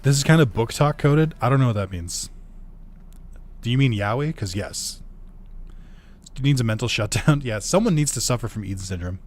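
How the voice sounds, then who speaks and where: A man's voice: medium pitch, expressive, normal speed, long pauses, darkish tone. A man streaming a video game, chatting casually, laughing a lot, swearing and ranting about the story. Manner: giggly, laughs often, swears, rants at the story. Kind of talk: casual let's-play commentary.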